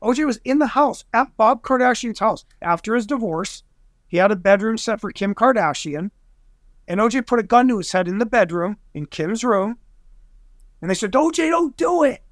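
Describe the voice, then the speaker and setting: A man guesting on a podcast, telling a story in an excitable, rambling way and acting out other people's voices. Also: high-pitched, normal speed, no echo, clean studio sound. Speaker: guest investigator. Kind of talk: animated storytelling in conversation.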